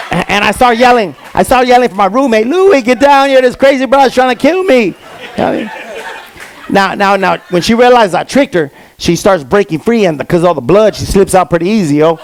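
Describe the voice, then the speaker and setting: A young male comedian works a stand-up set on stage, talking into a handheld mic. His voice sits high and has a gravelly edge. He rambles in street slang and keeps circling back with "you know what I mean." A faint hiss sits under the recording. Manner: streetwise storytelling with slang and repeated fillers. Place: comedy stage before a live audience.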